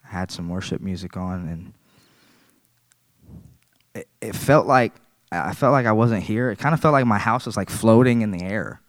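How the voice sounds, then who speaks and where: Very deep-voiced guy telling his testimony at church, earnest, plain words, keeps repeating himself. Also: normal speed, pauses often, no room sound. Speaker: church member giving testimony. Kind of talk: spoken personal testimony.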